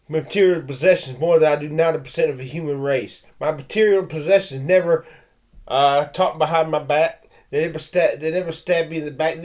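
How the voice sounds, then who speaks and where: A man's voice: a little high, a little mellow. A man vlogging a rambling personal rant, stammering and restarting, growing heated and blunt. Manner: stammering, with frequent restarts and repeated words; intense and heated, with blunt threats.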